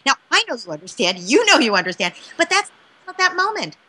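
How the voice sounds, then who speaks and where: A woman speaking as a parenting expert in an interview, animated and often checking in with "right?". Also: high-pitched, a little fast. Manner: animated, keeps asking "right?". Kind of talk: interview answer, advice.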